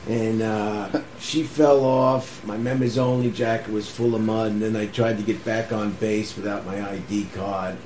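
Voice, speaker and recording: A man casually telling animated stories about his military days, laughing through them. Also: on the low side, a little slow, few pauses. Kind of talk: casual storytelling chat. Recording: echoey room with faint background hum.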